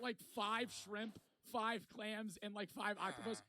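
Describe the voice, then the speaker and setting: Amid crowd noise, a high-voiced young vlogger speaks at a moderate pace with hardly any pauses. His long vacation story is casual, rambling and profane, with "right?" tacked onto many lines.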